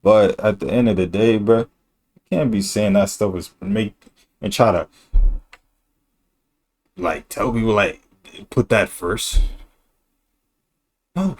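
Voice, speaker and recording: A man's voice: fairly low pitch, slow, pauses often, a little mellow. Man, streamer, casual reaction talk, slangy, blunt, rambling.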